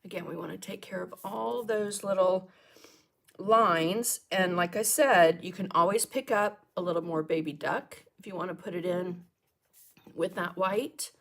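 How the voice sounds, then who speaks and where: Middle-aged woman with some fry in her voice, a chatty painting teacher guiding viewers through a live lesson. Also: lowish voice, a little slow, a bit bright. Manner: chatty, greets viewers and coughs and laughs between steps.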